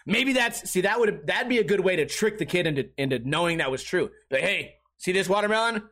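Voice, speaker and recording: A man with a high, sharp, bright voice hosts a comedy podcast. He rambles through crude, profane stories and keeps breaking off and restarting his sentences. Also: a little fast. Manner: crude, profane storytelling with laughter. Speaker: podcast host and streamer. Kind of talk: comedic casual chat.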